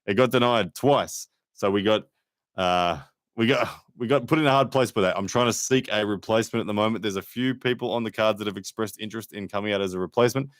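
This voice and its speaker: A man's voice: fairly low pitch, fast talker, dry recording, studio quality. Man chatting on a live stream. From Australia. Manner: chatty, reads out viewer comments, frequent fillers. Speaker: livestream host and arm wrestler. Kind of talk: casual live-stream chat.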